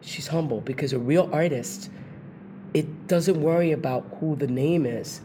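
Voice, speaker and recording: A New York City woman hosts a conversational interview in a deep, unhurried voice, with slight background noise. She's a lively storyteller who acts out the voices of those she quotes.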